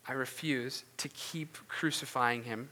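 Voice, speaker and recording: A male pastor with a bright, forward voice gives an earnest, conversational sermon. He talks loosely, full of fillers and restarts, and moves into a prayer. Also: mid-range voice, steady tone, a little slow. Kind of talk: casual sermon ending in prayer.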